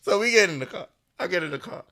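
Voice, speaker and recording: A man in his thirties, a podcast co-host telling a story in casual chat, animated and laughing often as he acts out the voices. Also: high-pitched, quick pace.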